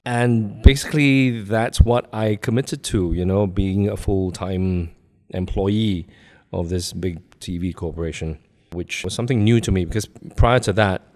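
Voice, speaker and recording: A man's voice: on the low side, measured pace, a little mellow. An older man from Singapore, speaking with a lightly British-tinted international English accent as an interview guest, earnest and reflective, with small laughs between thoughts. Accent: neutral international English, slight British tint. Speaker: guest actor. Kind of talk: casual interview chat.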